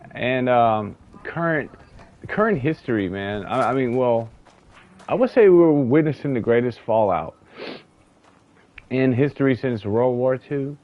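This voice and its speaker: A man's voice: medium pitch, animated, lo-fi sound. A man from the United States chatting loosely while streaming a game, rambling, restarting sentences and chuckling now and then. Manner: slow, drawn-out delivery. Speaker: gaming livestreamer. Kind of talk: casual livestream chatter.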